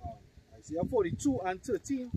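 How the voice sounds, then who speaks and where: Loud Trinidadian man preaching on a street. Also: high voice, expressive. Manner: reads scripture slowly and loudly, then explains in casual speech. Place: city street outdoors. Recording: distant mic, loud street noise.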